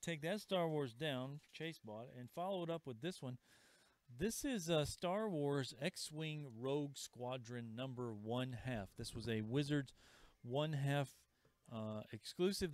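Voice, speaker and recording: A man hosting a live comic shop sale, chatting casually and pitching items with asides. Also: normal speed, no echo. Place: comic store. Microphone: livestream camera mic.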